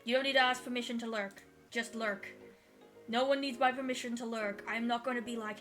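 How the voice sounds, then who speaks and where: A chatty woman streamer with a bright, forceful, slightly high voice talks loosely to her viewers as she sketches. She swears casually and laughs easily. Soft music plays faintly behind her desk mic. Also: fairly even intonation, brisk. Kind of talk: casual chat while drawing on stream.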